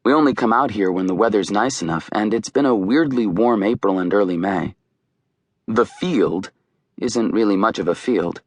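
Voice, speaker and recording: A man's voice: fairly low pitch, moderate pace, dry recording. A man narrating an audiobook in a wry, conversational storytelling way. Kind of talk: scripted narration.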